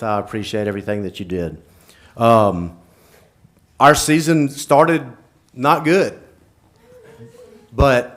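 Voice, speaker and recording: A football coach with a medium-pitched voice gives a halting, emotional speech at a school board meeting, punctuated by nervous laughs.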